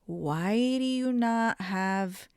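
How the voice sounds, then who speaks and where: A woman's voice: medium pitch, drawn-out words, darkish tone, clean tone, no room sound. Young woman, podcast host, chatty, profane, dry close recording. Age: young adult. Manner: chatty, profane, self-mocking. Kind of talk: casual solo podcast chat.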